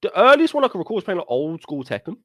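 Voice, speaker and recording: A young man co-hosting a gaming podcast in casual chat, teasing and blunt, swinging between low mutters and loud outbursts. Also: big pitch swings, rapid-fire, dry recording. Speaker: podcast co-host.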